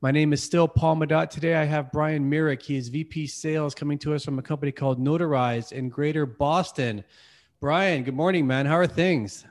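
A man's voice: on the high side, brisk. A man from Canada hosting a podcast interview, friendly and chatty, often saying "hey, listen" and "man". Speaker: podcast host.

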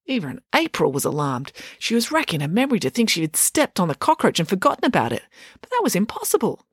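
A woman narrating a children's audiobook in an expressive storytelling manner. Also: mid-range voice, brisk, husky, no room sound, studio quality. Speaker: narrator, author.

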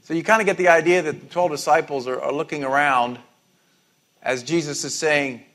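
A man preaching a sermon in a conversational way, often repeating and restarting words, and rising sharply in pitch on emphatic words. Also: fairly even intonation, normal speed, pauses often, fairly bright tone. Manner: rises to emphatic high-pitched stresses on key words. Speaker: pastor.

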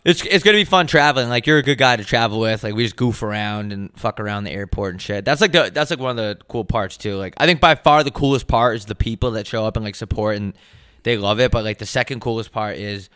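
A man's voice: lowish voice, fast talker, fairly bright tone, clean tone, no room sound, studio quality. A young man co-hosting a casual podcast, talking loosely with lots of fillers and swearing. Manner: laid-back, filler-heavy, swears a lot. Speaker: podcast co-host. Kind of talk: casual chat.

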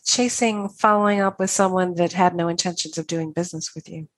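A woman's voice: on the low side, steady tone, fairly quick. A woman hosting a podcast interview, encouraging her guest and laughing often. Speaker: podcast host. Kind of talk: interview talk.

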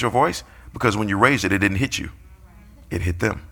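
A man's voice: fairly low pitch, brisk, pushed and bright, husky. A man preaching a sermon, playfully calling out his congregation and acting out quotes.

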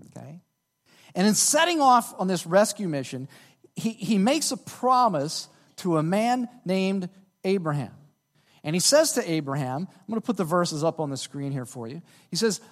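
A man's voice: high voice, sing-song, normal speed, in a large hall. A man preaching a sermon as pastor, emphatic and checking in with his congregation as he goes. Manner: emphatic preaching with frequent "okay?" check-ins.

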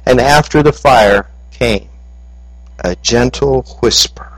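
A man preaching a sermon, retelling a scripture story and reading passages aloud with lively emphasis. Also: mid-range voice, slow pace, slightly rough, low-quality recording.

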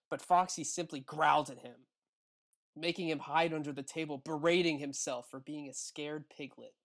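Wry man reading fan fiction aloud. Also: fairly high pitch. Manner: wry, laughs while reading. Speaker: podcast co-host.

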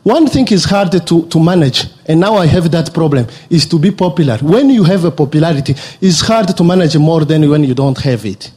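A man from Africa preaching a sermon as a lively storyteller who repeats words for emphasis. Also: a little fast, hardly any pauses. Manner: animated storytelling with repeated words and sudden leaps in pitch.

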